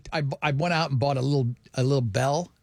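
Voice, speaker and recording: A man's voice: mid-range voice, a little mellow, no room sound, clean studio sound. A man co-hosting a radio show in casual banter, joking and teasing the others. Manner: joking, teasing, quick to laugh.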